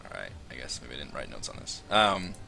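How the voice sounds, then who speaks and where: A man's voice: a bass voice, very animated, a little fast, gravelly, bright, forceful tone, soft background music. A man narrating as game master in a tabletop game, improvising hesitantly with lots of ums and uhs.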